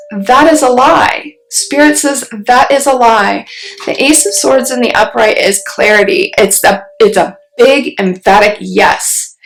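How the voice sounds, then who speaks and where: Slow, gravelly-voiced woman reading tarot. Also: a little high, a little hiss or hum. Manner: slow, musing, talks to spirit mid-reading. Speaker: tarot reader. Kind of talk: solo tarot reading to camera. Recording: roomy echo.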